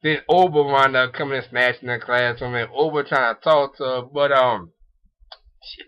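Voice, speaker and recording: A young man casually recapping an anime episode in a rambling way, with lots of ums, restarts and frequent laughs. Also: a little high. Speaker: anime reviewer. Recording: dull lo-fi recording.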